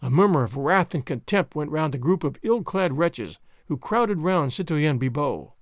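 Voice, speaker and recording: A male audiobook narrator reads a classic novel in a fairly high voice with lively, expressive intonation. The sound is dry and close, with no room echo. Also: normal speed. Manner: expressive reading.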